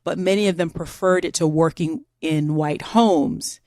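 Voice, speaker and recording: A woman's voice: sits low, no echo. Chatty woman podcast co-host, dry sound. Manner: chatty, animated, quick to laugh. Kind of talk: casual chat.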